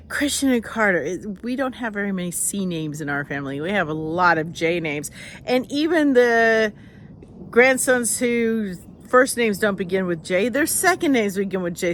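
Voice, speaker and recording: An older woman chats loosely on a live stream. She rambles from one thing to the next and calls out hellos to viewers by name. Her pitch sits in the middle range for a woman. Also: fairly bright tone, a little hiss or hum. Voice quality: nasal. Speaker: author. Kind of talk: casual live-stream chat.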